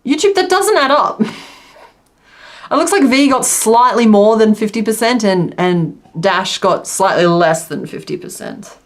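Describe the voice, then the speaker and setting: A woman's voice: a little high, animated, measured pace. A young woman chatting casually with her live-stream viewers while she crochets, laughing often and counting stitches under her breath. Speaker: crochet livestream host.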